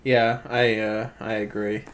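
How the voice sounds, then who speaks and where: A man's voice: fairly low pitch, unhurried, slight background noise. A young man, co-hosting a casual podcast and laughing often as he retells scenes. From Wisconsin, USA. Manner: laughs often, lively retelling with quoted voices. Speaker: podcast co-host.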